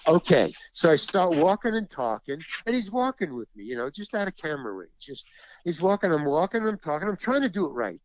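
A man's voice: a little high, big pitch swings, a little fast, lo-fi sound. A man who is an actor and stand-up comedian, telling an anecdote in an interview and acting out other people's lines.

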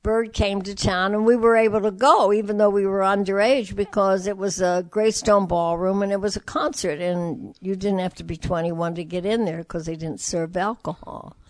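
Older woman, lively storyteller, dry sound. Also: medium pitch, normal speed, few pauses, dry recording. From Detroit, USA. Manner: lively storyteller who acts out quoted voices. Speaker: jazz singer interviewee. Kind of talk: storytelling interview.

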